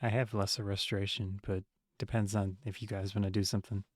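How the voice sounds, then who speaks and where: Male player, low, dry voice, casual, thinks aloud. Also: little pitch movement, fast talker, no echo. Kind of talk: casual tabletop play.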